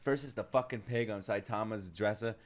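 A young man hosting an anime reaction, talking casually, swearing and swinging between loud outbursts and low mutters. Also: brisk. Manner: loud, excitable, swears, jumps between shouting and mumbling.

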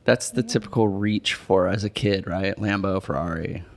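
A man's voice: sits low, normal speed, vocal fry. A man hosting a podcast, chatting casually and jokingly, often trailing off with "I don't know". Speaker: podcast host. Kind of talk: casual chat.

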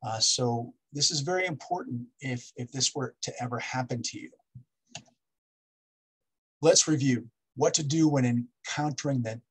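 Husky-voiced man giving a safety lecture. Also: mid-range voice, a bit bright, poor audio. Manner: instructive, repeats key steps, asks "okay?". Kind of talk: public lecture with slides.

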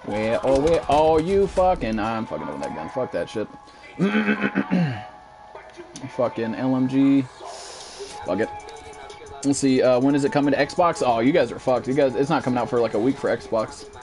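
Over music, a young American man with a medium-pitched voice talks a little slowly as he streams a shooter game with live commentary. He swears constantly and gets excitable, ranting and reading chat messages from viewers out loud.

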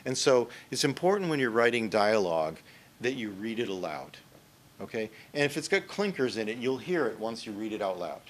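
A man's voice: on the low side, very animated, fairly quick, slight background noise. A man giving a conversational workshop talk on writing at a conference, often checking in with the audience. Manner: conversational, often ends points with "okay?". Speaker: conference speaker. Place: conference room.

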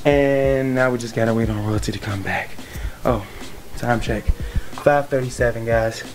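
A man's voice: medium pitch, normal speed, music in the background. A young man vlogging in a hotel room, talking hyped and straight to his viewers about a prank setup. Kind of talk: casual prank vlog talk.

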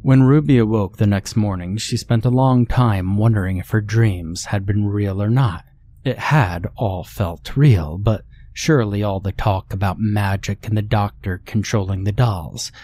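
A man narrating a horror story in a measured, steady storytelling manner. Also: lowish voice.

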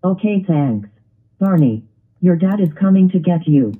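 A stern princess scolding in a homemade cartoon, read by a computer voice. The delivery is flat and synthetic, a little husky. The sound is thin and phone-like. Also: mid-range voice, unhurried. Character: stern ogre princess wife. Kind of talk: text-to-speech grounded video. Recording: tinny phone-like lo-fi audio.

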